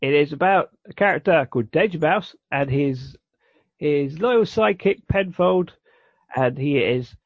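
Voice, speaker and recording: A man's voice: fairly high pitch, expressive, a little slow, no room sound. A man co-hosting a podcast, explaining a cartoon in a rambling, enthusiastic way. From United Kingdom. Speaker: podcast co-host. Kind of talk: casual chat. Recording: dull dry lo-fi recording.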